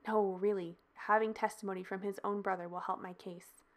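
A woman voicing a grown woman who speaks softly with a wavering voice. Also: medium pitch, steady tone, fairly quick, close to an everyday voice. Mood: hurt. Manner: soft, wavering. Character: grown woman, hurting and tender librarian.

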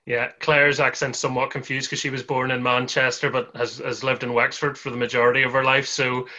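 A male podcast host with a bright, forceful tone asks his questions in a friendly, easygoing manner. His pitch is ordinary, and the audio sounds muffled. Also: flat delivery, brisk. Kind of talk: casual interview chat.

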